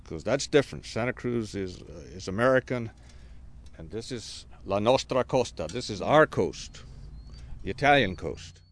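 An older man, an author and guide, telling local history and reading aloud from his book with many hesitant pauses. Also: lowish voice, animated.

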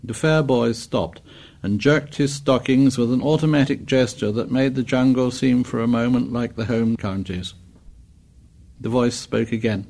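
A man narrating an audiobook in a measured, descriptive way. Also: mid-range voice, fairly even intonation, vocal fry, a little mellow.

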